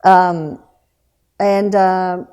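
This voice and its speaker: A woman in her sixties recounts a painful personal story on an interview show. Her voice sits low and mellow, earnest and subdued. She halts often, restarting phrases and letting them trail off. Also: fairly even intonation, clear, resonant tone. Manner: halting, with restarts and trailing pauses. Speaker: guest recounting loss.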